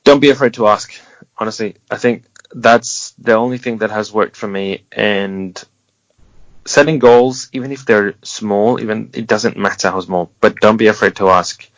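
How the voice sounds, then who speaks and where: A man's voice: fairly low pitch, steady tone, moderate pace, dry recording. A man speaking as an interview guest, giving earnest, encouraging advice with wry humor and some restarts. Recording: dull lo-fi sound, dry.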